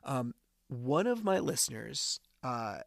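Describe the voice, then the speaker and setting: A man hosting a podcast, telling a personal story in a casual, animated way and acting out the dialogue. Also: medium pitch, slow pace, gravelly, no room sound, clean studio sound. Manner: animated, acts out dialogue while retelling. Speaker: podcast host.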